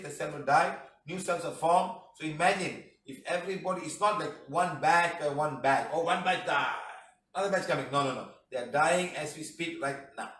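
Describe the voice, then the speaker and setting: Male healing teacher, high-pitched, scolds and jokes; distant mic, echoey room. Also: fairly bright tone. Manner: chiding, joking, keeps asking "huh?". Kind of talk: lecture.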